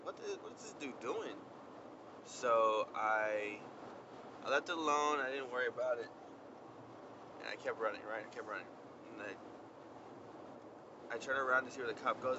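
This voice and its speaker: A young man chatting casually as he tells a story outdoors on a windy day, animated and slangy. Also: mid-range voice. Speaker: vlogger. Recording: lo-fi outdoor recording with traffic noise. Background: wind and passing traffic.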